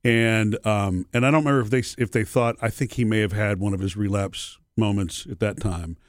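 A man's voice: fairly low pitch, steady tone, fairly quick, no echo, studio quality. A man co-hosting a podcast in casual chat, recalling details in an informative way. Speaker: podcast co-host.

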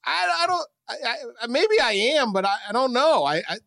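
A man's voice: very high voice, big pitch swings, moderate pace, creaky, a bit bright, no echo, studio quality. A man from Massachusetts with a Boston accent, a podcast host in casual sports chat who stammers a lot and jokes at his own expense. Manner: stammering, self-deprecating, jokey.

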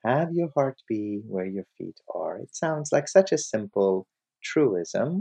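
A man giving a lecture, telling a story in an animated way and acting out its scenes. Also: on the low side, slow pace, vocal fry, slightly rough. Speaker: lecturer on mystic poetry.

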